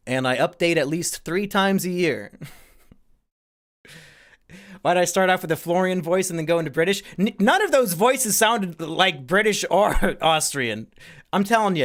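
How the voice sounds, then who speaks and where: Dude on a livestream reading donations, swears a lot, snarky, kinda high voice. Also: male voice. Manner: crude, profane and sarcastic. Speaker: streamer answering viewer donations. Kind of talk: casual livestream Q&A.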